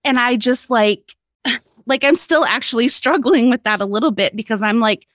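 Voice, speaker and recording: A woman's voice: fairly high pitch, moderate pace, fairly bright tone, no echo, studio quality. A woman guest on a podcast telling a personal story in a candid, casual way, swearing freely and laughing often.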